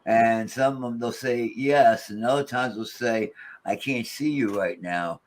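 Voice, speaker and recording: A man's voice: medium pitch, a little slow. A man talking casually about ghost box sessions, rambling with many restarts and quoting the voices he hears. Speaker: paranormal investigator. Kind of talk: casual chat.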